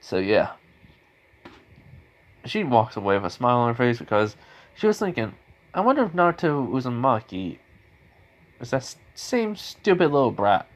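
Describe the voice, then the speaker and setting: A man's voice: medium pitch, big pitch swings, normal speed, pauses often. A man improvising a spoken fan story in a rambling, casual way, full of restarts and chuckles.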